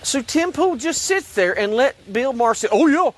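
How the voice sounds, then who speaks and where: High-voiced sarcastic man ranting. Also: very animated, normal speed, a bit bright. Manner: sarcastic, repetitive; rambling, stumbling restarts. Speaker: online commentator. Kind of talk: religious political rant.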